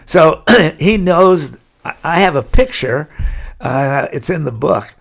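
With a slightly high, gravelly voice, this older Californian speaks slowly and expressively. As an interview guest, he rambles through long anecdotes, chuckling throughout.

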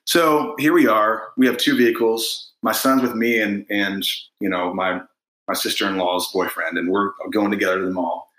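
A middle-aged man with a fairly low voice and a bright, forceful edge tells a story on a podcast, acting out the voices in it. The sound is roomy, with noticeable echo. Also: normal speed. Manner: animated storyteller, acts out quoted voices. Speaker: guest singer-songwriter. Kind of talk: casual interview storytelling.

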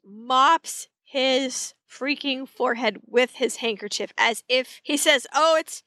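A woman co-hosting a podcast, casually recapping a TV episode and acting out character lines with lively energy. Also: high voice, takes it slowly, dry recording. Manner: animated retelling, acts out character lines. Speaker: podcast co-host.

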